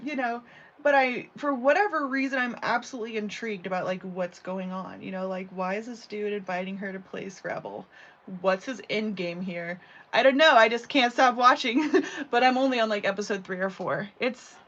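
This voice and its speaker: At home, a craft channel host chats her way through a casual live tutorial at a moderate pace, leaning on "you know" and "like" as she rambles. Her voice is mid-range and fairly bright, and the recording is a bit dull with a faint hum behind it.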